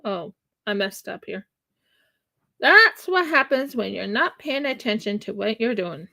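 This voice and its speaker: A woman's voice: on the high side, unhurried, vocal fry. An American woman chatting casually during a craft livestream, telling a funny story and acting out its dialogue. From United States. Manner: chatty, animated, acts out dialogue in her story. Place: home craft room.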